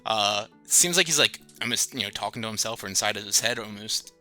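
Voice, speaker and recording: A man's voice: lowish voice, animated, fairly quick, pushed and bright, soft background music. A man narrating a tabletop game as dungeon master in a casual, rambling way with many fillers.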